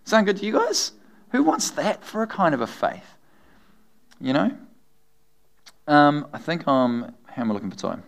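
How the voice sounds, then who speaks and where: A man's voice: a little high, moderate pace, creaky, long pauses. A middle-aged man preaching a sermon, telling stories with humor and laughing often. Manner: animated, humorous storytelling with frequent laughs. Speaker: pastor.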